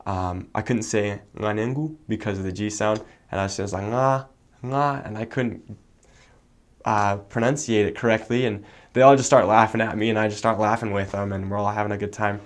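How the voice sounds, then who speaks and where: A young man from the United States, a returned missionary, explaining a language in a relaxed way with many fillers. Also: on the low side, fairly quick. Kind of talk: casual explanation.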